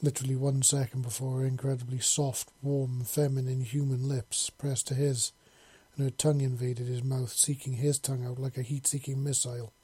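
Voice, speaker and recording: Husky man casually reading a story. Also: medium pitch, little pitch movement, moderate pace, hardly any pauses, dark tone, no room sound. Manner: casual, with frequent slips and restarts. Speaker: narrator. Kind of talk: reading a fan-fiction audiobook.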